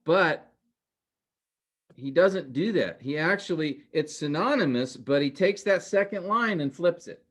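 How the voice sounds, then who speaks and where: In a recorded Bible class lecture, a man explains things step by step, calling the class "guys" and "men" and driving points home with repeated rhetorical questions. His voice is a little high and animated, at a measured pace.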